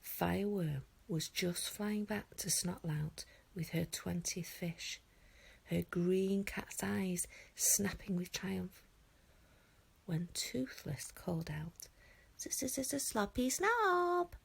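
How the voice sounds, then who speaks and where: Teacher lady reading a kids story, slow, breathy, half whispering, dry close sound. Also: fairly low pitch, steady tone. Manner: hushed, half-whispered narration. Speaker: primary school teacher.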